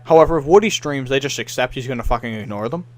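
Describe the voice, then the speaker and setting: A young man on a casual gaming podcast, worked up and venting. He swears freely and slips into mocking impressions of people who annoyed him. His voice sits in an ordinary middle pitch. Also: animated, fast. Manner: frustrated, ranting, swears a lot, mimics others. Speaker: podcast co-host.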